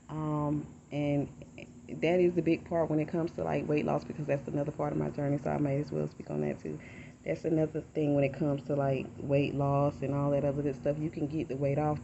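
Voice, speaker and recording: A woman talking candidly in a personal vlog, rambling and heartfelt. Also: sits low. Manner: rambling, heartfelt, soft-spoken. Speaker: vlogger. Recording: dull lo-fi audio with loud insect noise.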